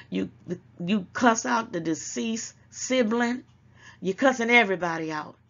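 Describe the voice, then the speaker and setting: A woman with a gravelly, fry-heavy voice gives casual, emphatic commentary straight to her viewers. She lectures a little as she talks and keeps calling them baby. The sound is dull and lo-fi. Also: medium pitch, fairly bright tone. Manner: emphatic and preachy, calls listeners baby. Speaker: channel host.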